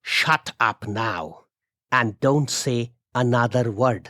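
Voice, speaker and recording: A vengeful businessman spits slow, cold threats in a measured, mid-range male voice, as a man reads him out. The delivery is unhurried and the sound is dry and close. It comes across as a storytelling podcast. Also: mid-range voice, pushed and bright, dry recording. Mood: menacing.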